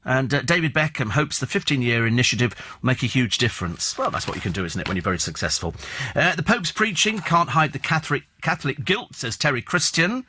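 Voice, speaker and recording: A man presents a newspaper review on talk radio, scoffing at each story with sarcastic tag questions. His voice is bright and edged, with a pitch that sits in the middle for a man. He is recorded in a radio studio. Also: very animated, fast talker, a little hiss or hum.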